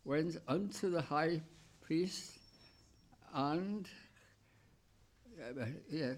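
A man preaches a sermon, reading and explaining scripture in short, measured phrases. His voice sits a bit high and moves slowly, with long pauses between thoughts. Now and then he coughs or clears his throat. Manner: slow, deliberate, pausing between short phrases.

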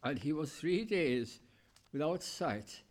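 A man preaches a sermon, reading and explaining scripture in short, measured phrases. His voice sits a bit high and moves slowly, with long pauses between thoughts. Now and then he coughs or clears his throat. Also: expressive. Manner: slow, deliberate, pausing between short phrases.

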